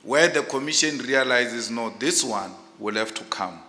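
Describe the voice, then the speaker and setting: Male commissioner, sharp and tense tone, insistent questioner. Long hall reverb. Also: mid-range voice, normal speed. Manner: forceful and insistent, speaks loudly by habit. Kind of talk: pointed questioning at a hearing.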